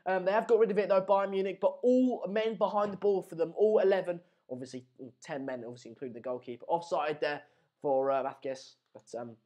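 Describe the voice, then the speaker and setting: Young male streamer, energetic, rambling, jokey match-chat host. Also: high voice, brisk. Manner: rambling, jokey, self-mocking. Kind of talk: casual live match chat commentary.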